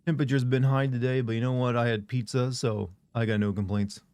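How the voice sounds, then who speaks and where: A man's voice: mid-range voice, flat delivery, brisk, darkish tone, smooth, no room sound. A man streaming a game, chatting casually and rambling as he reads and answers chat messages.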